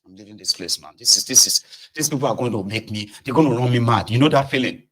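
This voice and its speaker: Animated Nigerian man musing on anger. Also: medium pitch, fast talker, husky. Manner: animated, acts out shouted scenes, Pidgin asides. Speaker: vlogger. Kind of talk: casual monologue commentary.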